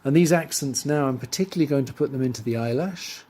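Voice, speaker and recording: A man teaching drawing, talking through his steps as he works and trailing off quietly into asides. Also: medium pitch, quick pace, breathy edge. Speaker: art teacher. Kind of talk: drawing tutorial voice-over.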